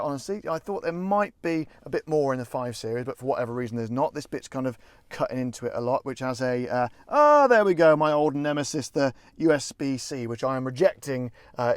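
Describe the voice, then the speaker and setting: A man's voice: mid-range voice, darkish tone, dry recording. A man hosting a casual car walkaround review, rambling with jokey, self-deprecating asides. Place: in and around a parked car.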